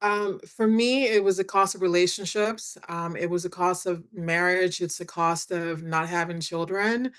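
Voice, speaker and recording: A middle-aged woman, a guest on a podcast, candidly telling her story in a chatty, animated way, with many fillers and lots of quoted dialogue. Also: lowish voice, normal speed, hardly any pauses. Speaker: guest, attorney and author.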